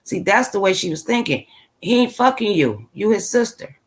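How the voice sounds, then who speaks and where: A woman's voice: mid-range voice, very animated, normal speed. Blunt, sassy woman vlogger. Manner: blunt, opinionated and sassy, talking in slang. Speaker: channel host. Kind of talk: casual commentary to a live chat.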